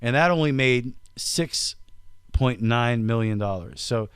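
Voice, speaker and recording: A man hosting a casual comedy podcast, teasing his co-host, talking in quick bursts and laughing often. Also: medium pitch, expressive, clear, resonant tone, no echo, studio quality.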